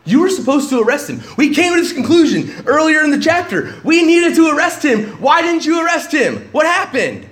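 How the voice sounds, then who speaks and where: A man acting out an arrogant male Pharisee who scolds and shouts in scorn, pitched high and lively. The roomy echo of a large space surrounds him. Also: quick pace. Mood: indignant.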